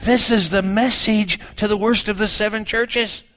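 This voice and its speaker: An older man, a pastor, preaching a sermon with lively asides and quick self-corrections. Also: sits high.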